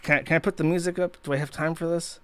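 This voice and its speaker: A man's voice: fairly high pitch, fairly even intonation, quick pace, clean tone. A man hosting a live stream, ranting in a profane, mocking way. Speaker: streamer host.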